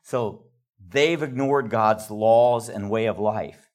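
A man leading a conversational Bible study, explaining verses in a relaxed way with chatty asides. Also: fairly low pitch, slow pace.

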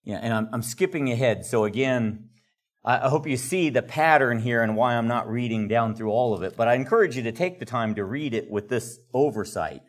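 A man leading a conversational Bible study, explaining verses in a relaxed way with chatty asides. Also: medium pitch, a little fast.

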